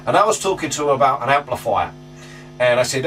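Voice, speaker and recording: A man's voice: medium pitch, animated, fast, a bit bright, soft background music. Male vlogger, chatty and rambling, mid-range voice, recorded at a distance from the mic. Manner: rambling, chatty, self-interrupting. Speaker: guitar gear vlogger. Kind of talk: casual chat to camera.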